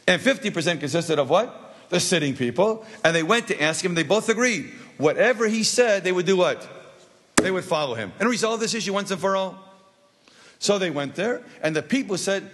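A husky-voiced man teaches a class in a jokey, anecdotal way. He keeps tossing rhetorical questions to his listeners. His pitch sits a little higher than most men's. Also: fairly bright tone. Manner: asks the audience rhetorical questions. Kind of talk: storytelling lesson.

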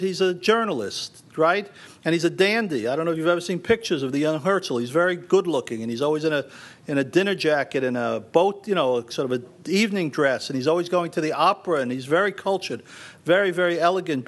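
A man giving a lecture in an emphatic way, repeating phrases for stress and addressing the audience directly. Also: sits high. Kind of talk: university lecture.

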